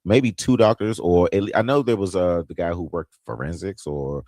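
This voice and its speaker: A man with an extremely deep voice talks horror films in a relaxed, agreeable way. His audio is dry and close, with no room sound. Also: normal speed, dry recording. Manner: relaxed, agreeable, chimes in often. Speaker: podcast co-host. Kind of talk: casual horror film discussion.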